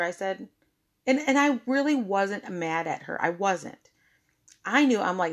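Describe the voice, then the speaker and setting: Slow-talking woman telling a story. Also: medium pitch. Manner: chatty, expressive, says "like" often. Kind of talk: personal storytelling.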